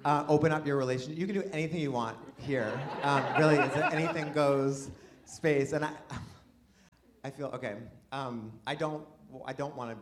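A man doing a chatty, self-deprecating stand-up comedy set, often jumping into high, excited exclamations. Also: moderate pace, heavy background noise.

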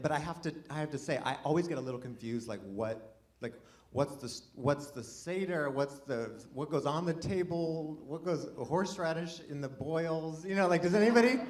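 A man performing a chatty, self-deprecating stand-up set in front of a live audience, often restarting his sentences and breaking into animated exclamations. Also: a little high, slight background noise. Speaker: stand-up comedian. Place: live comedy venue with an audience. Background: audience laughter.

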